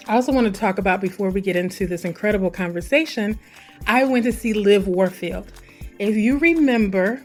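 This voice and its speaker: A woman from Missouri hosting her podcast in a chatty, enthusiastic, rambling way. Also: mid-range voice. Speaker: podcast host. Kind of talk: casual podcast monologue.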